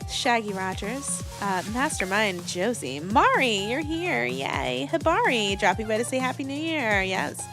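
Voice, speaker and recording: A woman VTuber streamer in casual live-stream chat from her attic on a new microphone, rambling and greeting viewers by name. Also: a little high. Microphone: new studio microphone.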